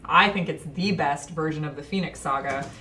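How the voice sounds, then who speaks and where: A woman's voice: low-pitched, moderate pace, sharp tone, a little hiss or hum. A woman hosting a casual interview, enthusiastic and laughing often. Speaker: host. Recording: echoey room, voice from off-mic.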